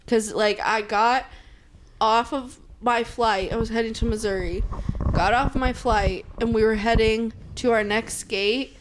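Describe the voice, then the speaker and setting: A young woman co-hosting a podcast, chatting casually with blunt, swearing quick comebacks. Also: fairly high pitch, steady tone, a little hiss or hum, low-quality recording. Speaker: podcast co-host. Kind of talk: casual chat.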